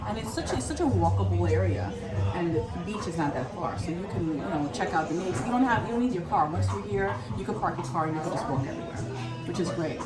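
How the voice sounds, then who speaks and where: A woman's voice: fairly low pitch, recorded from a distance. Woman, New Jersey accent, enthusiastic, co-host, echoey cafe, music and chatter behind. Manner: enthusiastic, animated storytelling. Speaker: podcast co-host, realtor. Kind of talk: casual chat. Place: busy cafe.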